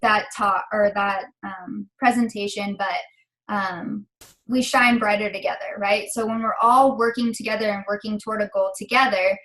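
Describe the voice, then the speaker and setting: A woman's voice: medium pitch, fairly even intonation, normal speed, a bit bright, poor audio. A young woman leading a team call, emotional and close to tears, rambling with many fillers as she encourages her team. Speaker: team leader. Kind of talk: team call pep talk.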